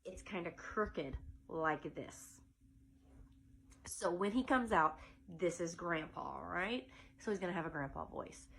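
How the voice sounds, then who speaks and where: A middle-aged preschool teacher with a drawl talks through a classroom song in a lowish voice. She demonstrates it playfully, switching into silly character voices. A faint room hum sits behind her. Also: animated, measured pace, pauses often, a bit bright, rough recording.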